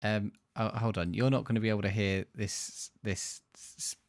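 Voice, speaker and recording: A man's voice: fairly low pitch, level tone, normal speed, music in the background. A British man streaming a game, chatting casually and fumbling with his screen share. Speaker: streamer playing a game with a co-host. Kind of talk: casual live-stream chat.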